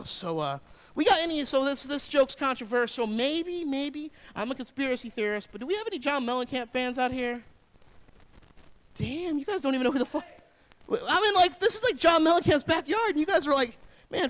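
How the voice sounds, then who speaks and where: A man's voice: high-pitched, fairly bright tone, clear, resonant tone, rough recording. A young man from Indiana doing rambling, crude, self-deprecating stand-up comedy.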